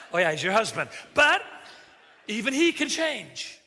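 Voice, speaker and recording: A man preaching a sermon as a pastor, animated and joking, acting out the voices he quotes. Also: high-pitched, unhurried. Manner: animated, acts out quoted voices, jokey asides. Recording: reverberant hall sound.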